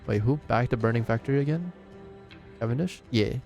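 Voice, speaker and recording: Male streamer, casual rambling chat, profane, mellow tone, faint game music. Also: mid-range voice, animated, a little fast, gravelly. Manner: heavy swearing, rambling restarts. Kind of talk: casual live-stream commentary.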